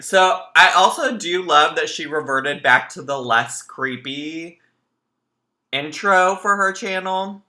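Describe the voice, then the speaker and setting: A man with a strikingly bright, forceful voice pitched a little high, hosting a livestream. He chats casually and tells stories animatedly, calling his viewers "y'all". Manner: chatty, animated storytelling, addresses viewers as y'all. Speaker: livestream host. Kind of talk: casual reaction commentary.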